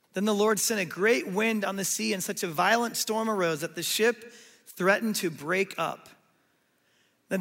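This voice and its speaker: High-voiced gravelly pastor preaching in a hall. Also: male voice. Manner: animated storytelling, acting out quoted voices. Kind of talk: sermon.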